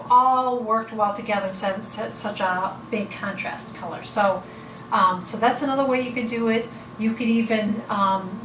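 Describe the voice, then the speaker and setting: A woman's voice: mid-range voice, background noise. Rambling woman decorator, roomy and distant. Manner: rambling, many fillers and self-corrections. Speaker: home decorating vlogger. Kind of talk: casual how-to demonstration. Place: indoors at home, showing furniture pieces.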